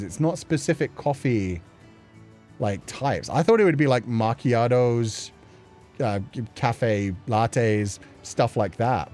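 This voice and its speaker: A man chatting casually on his livestream, voice sitting at an ordinary middle pitch. He rambles loosely, drops filler words constantly and breaks into laughter often. Soft music plays faintly underneath. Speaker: streamer hosting a chat show. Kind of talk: casual livestream chat reading viewer messages.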